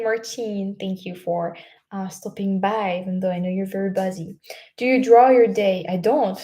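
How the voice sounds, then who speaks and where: Young woman, French accent, mellow warm voice, casual livestream chat, reads comments, laughs often. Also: mid-range voice, steady tone, normal speed. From France. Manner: chatty, laughs often, many fillers and restarts. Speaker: vlogger hosting a livestream.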